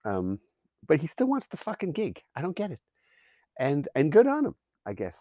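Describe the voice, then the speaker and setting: A man's voice: a little high, wildly swooping pitch, moderate pace, no room sound, highs cut off. Sarcastic, swearing Canadian man ranting. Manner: sarcastic, swears a lot, rambling. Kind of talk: profane ranting monologue.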